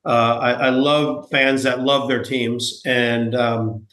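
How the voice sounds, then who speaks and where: A man's voice: mid-range voice, level tone, slow pace, fairly bright tone. Man, New York accent, rambling, self-deprecating, lots of restarts, echoey room. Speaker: guest. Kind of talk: casual storytelling interview.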